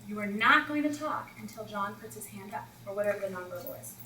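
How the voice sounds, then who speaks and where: A woman math coach talking teachers through classroom routines in a chatty, animated way, acting out scenes with students. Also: medium pitch, fast talker, background noise. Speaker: math instructional coach leading a teacher workshop. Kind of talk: presenting to teachers. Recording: roomy echo, far from the mic, faint ambience.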